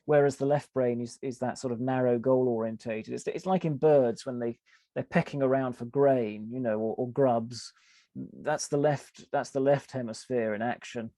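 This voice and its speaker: A man's voice: medium pitch, steady tone, moderate pace, warm tone, dry recording. A man, a guest on a podcast, explaining his ideas at length in a thoughtful, hesitant way, full of fillers and restarts. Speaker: podcast guest, advertising author. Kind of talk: conversational interview explanation.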